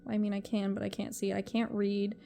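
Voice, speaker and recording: A woman's voice: mid-range voice, completely flat delivery, a little fast, gravelly, mellow, a little hiss or hum. A young woman talking to camera in a personal vlog, emotional and rambling, often repeating herself. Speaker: vlogger.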